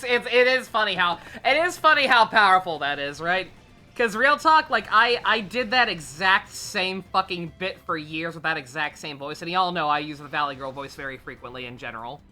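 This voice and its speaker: A woman streamer talks through her game in a loose, rambling way, swearing and filling gaps with "uh" and "like." Her voice sits low but has a bright, forward edge, and faint music plays behind her. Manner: rambling and profane, with frequent fillers and laughs. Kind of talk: casual live gameplay commentary.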